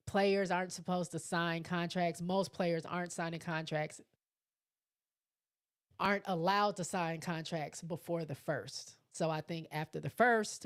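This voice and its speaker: A woman with a low-pitched voice hosts a live stream, answering viewer comments in a relaxed, chatty way. A frog in her throat keeps her clearing it between thoughts. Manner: chatty, reacts to each comment. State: throat irritation, clears throat often. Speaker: live show host reading viewer comments. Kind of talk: casual live-stream chat.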